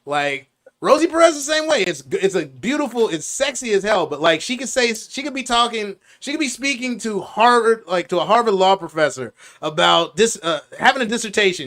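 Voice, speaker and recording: A young man co-hosting a podcast in casual, joking chat, animated and often slipping into impressions. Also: high-pitched, a little fast. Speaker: podcast co-host.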